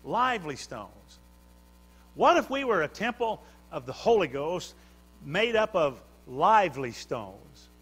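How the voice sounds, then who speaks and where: A man's voice: a little high, big pitch swings, slow pace, a bit bright, slightly rough. A man preaching a sermon, building fervor through repeated phrases. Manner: preaching with rising fervor and repetition. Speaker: pastor.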